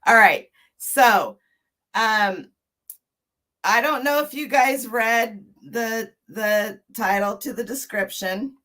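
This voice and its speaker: A chatty woman in her fifties hosts a casual livestream, greeting viewers one by one with frequent laughter. She talks at an easy, unhurried pace. Her voice sits a little high. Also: pushed and bright. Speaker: livestream host.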